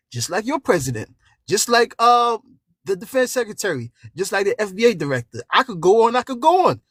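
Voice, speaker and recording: A man's voice: high voice, a bit bright, no echo, clean studio sound. A man on a live debate panel, arguing emphatically and mocking his opponent, laughing between jabs. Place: at home.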